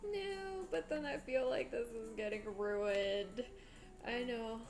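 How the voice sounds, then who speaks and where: A woman's voice: fairly high pitch, slow pace, a little mellow, faint music behind. A woman live-streaming her cooking in a home kitchen. She talks herself nervously through each step and reads viewer chat aloud.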